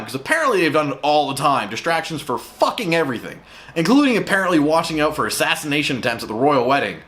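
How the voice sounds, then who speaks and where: A man's voice: a little high, big pitch swings, quick pace, a bit bright. A man hosting a show-review vlog, ranting in an exasperated, profane way.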